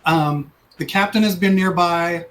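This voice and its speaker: A man's voice: high-pitched, a little slow, a bit bright, a little hiss or hum. A man running a tabletop game as dungeon master, narrating in a playful, rambling way and laughing at his own story.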